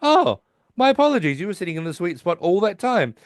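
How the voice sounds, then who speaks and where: A man voicing a fussy, pedantic nerd physicist in a prim, insistent way, his voice pitched higher than his own. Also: very animated, a little fast, dry recording, clean studio sound.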